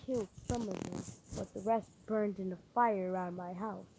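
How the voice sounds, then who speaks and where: A woman voicing a grim male king who flatly explains why he attacked villagers. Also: medium pitch, moderate pace, creaky, slight background noise, lightly acted, low-quality recording. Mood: matter-of-fact. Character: grim male king defending his tower.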